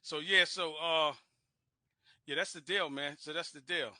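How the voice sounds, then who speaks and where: A man from Brooklyn, telling a rowdy story with laughs and shouted asides. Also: on the high side, steady tone, a little slow, dry recording. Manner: loud, laughing, acts out voices, swears freely. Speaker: guest storyteller. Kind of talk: animated storytelling.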